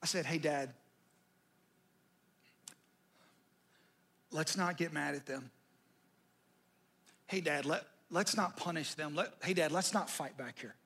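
A man voicing a gentle, patient, forgiving Jesus in a soft, hushed, tender way. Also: very high-pitched, wildly swooping pitch, normal speed, pauses often, slightly rough, full character voice.

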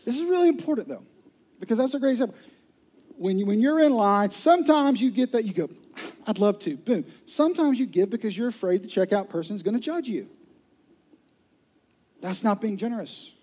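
A man preaching a sermon to his church, telling stories with lively, acted-out voices. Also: sits high, fairly quick, long pauses. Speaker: pastor. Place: church auditorium with a live audience.

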